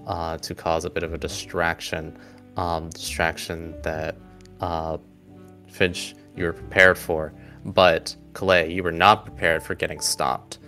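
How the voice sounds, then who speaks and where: A man narrating as game master of a tabletop game in a relaxed, measured way. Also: low voice, faint music behind.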